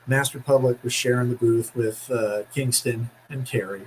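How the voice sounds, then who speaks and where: A man's voice: normal speed, hardly any pauses, a little hiss or hum, rough recording. A middle-aged man chatting casually on a podcast, acting out other people's voices as he tells a story and laughing often. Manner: animated storyteller, acts out quoted voices with big pitch jumps, laughs often. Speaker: podcast co-host.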